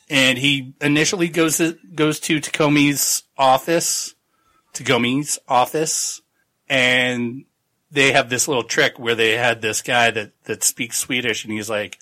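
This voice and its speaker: A podcast host with a bright, forceful voice rambles through a book summary. He jokes, swears casually and chats in a loose, friendly tone. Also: mid-range voice, measured pace. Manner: rambling, jokey recap full of laughs and profanity. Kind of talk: casual book-club chat.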